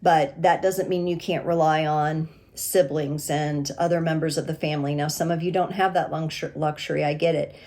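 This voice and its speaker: A woman giving a gentle, reassuring tarot reading, speaking with pauses and restarts. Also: deep voice, steady tone. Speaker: tarot reader.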